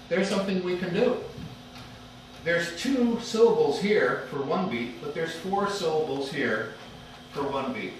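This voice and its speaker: A man's voice: on the high side, very animated, normal speed. A man teaching a music class, explaining step by step and chanting rhythm syllables to his students. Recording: echoey classroom, far from the mic, loud noise.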